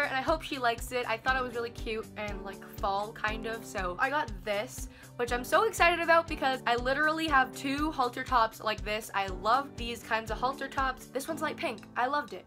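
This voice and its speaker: A young woman chatting casually to camera in a home vlog, upbeat and talkative. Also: on the high side. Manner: chatty, upbeat, quick asides. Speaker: vlogger. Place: indoors at home.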